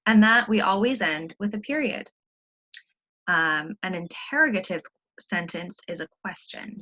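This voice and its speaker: A woman's voice: mid-range voice, pushed and bright, highs cut off. Patient woman teaching a grammar lesson. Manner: patient, step-by-step explaining with frequent ums. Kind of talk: recorded online grammar lesson.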